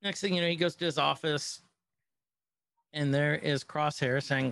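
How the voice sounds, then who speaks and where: Male podcast co-host, animated recap, slightly high voice, dry close sound. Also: moderate pace, gravelly, pauses often, no room sound. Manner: animated, quotes characters. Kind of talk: casual recap chat.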